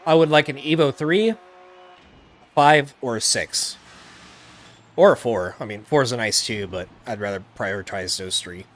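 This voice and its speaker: A man hosting a live game stream, talking casually in a relaxed, rambling way with lots of filler words. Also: medium pitch, moderate pace, long pauses. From United States. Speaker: livestream gaming host. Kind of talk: casual live-stream chat while playing.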